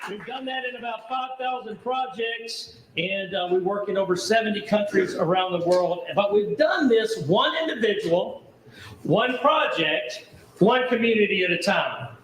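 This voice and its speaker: A man's voice: sits high, lively intonation, moderate pace, a bit bright, reverberant, a little hiss or hum, poor audio. Folksy, enthusiastic Southern man. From American South. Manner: enthusiastic, folksy, rhetorical questions. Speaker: charity founder giving a welcome speech. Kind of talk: public speech at an event.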